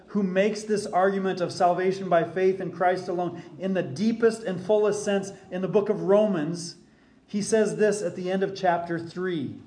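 A man's voice: sits high, darkish tone. Emphatic preaching man in an echoey hall. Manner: emphatic preaching, rising for scripture quotes. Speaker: pastor. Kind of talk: sermon.

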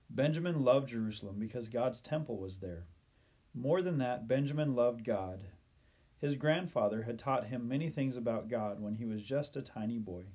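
A man with a slightly husky, breathy voice reads a children's story aloud. His delivery is gentle, steady storybook narration at a middling pitch.

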